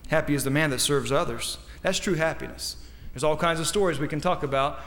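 A man preaching a sermon as pastor, reading scripture quietly and then building to emphatic, rising climaxes. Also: fairly high pitch, a little fast. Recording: long reverb of a large hall.

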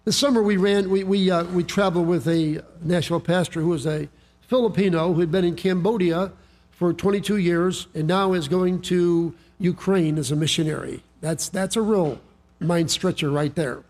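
Man, pastor, high voice, folksy sermon, stumbling restarts. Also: steady tone, normal speed, darkish tone. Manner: folksy storytelling with frequent restarts.

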